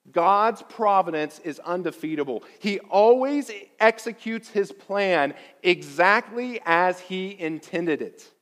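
A man preaching a sermon, emphatic and deliberate, repeating key phrases for weight. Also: sits high, big-room sound. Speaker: pastor.

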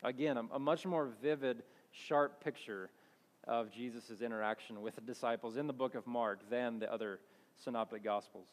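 A man's voice: medium pitch, moderate pace. A man giving a conversational Bible teaching, reading passages aloud and explaining them, often correcting himself as he goes. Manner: conversational, restarts and self-corrections. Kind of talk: sermon with scripture reading. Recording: long hall reverb.

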